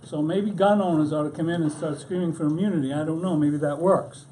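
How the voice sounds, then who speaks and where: A middle-aged man testifies at a legislative hearing in a high, mellow voice. He argues his point with a sardonic edge. Faint hearing-room hiss runs underneath. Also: steady tone, brisk, low-quality recording. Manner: sardonic, argumentative.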